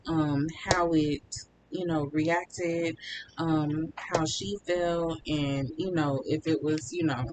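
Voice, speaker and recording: A woman vlogger chatting casually to her viewers about her recovery, with lots of um's and y'all's. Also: takes it slowly. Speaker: vlogger documenting her weight-loss surgery recovery. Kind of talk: casual chat to camera. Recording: steady rumbling background noise.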